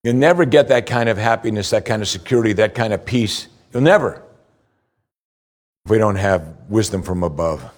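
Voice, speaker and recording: In this sermon, a male pastor takes scripture at a slow pace, then his voice climbs with lively rises whenever he drives a point home.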